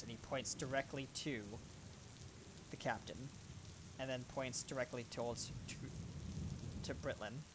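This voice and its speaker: A man's voice: medium pitch, fairly even intonation, a little slow, pauses often, heavy background noise. A man narrating as game master of a tabletop game, casual and full of fillers. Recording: rain and thunder ambience.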